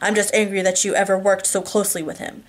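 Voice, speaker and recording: A woman's voice: mid-range voice, flat delivery, fast, natural voice. Woman doing a curt, murmuring rich businessman. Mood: curt, teasing.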